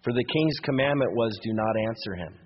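A man's voice: mid-range voice, a little fast, slightly rough, long reverb tail. Man preaching through a muffled radio broadcast. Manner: reads scripture then paraphrases it in plain modern speech. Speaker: pastor. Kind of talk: verse-by-verse Bible teaching.

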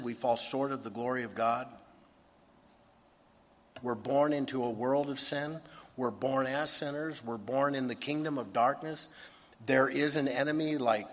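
A man preaching a sermon as a pastor, earnest, dropping to a hush and then rising to emphasis. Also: mid-range voice, fairly even intonation, measured pace, big-room sound. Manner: earnest, shifts between hushed and emphatic.

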